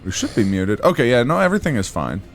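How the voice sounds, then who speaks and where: A man's voice: mid-range voice, big pitch swings, soft background music. A man co-hosting a live gameplay stream, chatting casually in a playful, joking way. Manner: playful, joking, quick to laugh.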